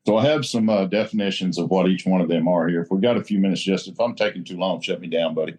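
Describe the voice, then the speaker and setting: A man's voice: sits low, quick pace, a little mellow. A man giving a blunt, salty talk at a recovery group meeting, leaning into his points like a preacher.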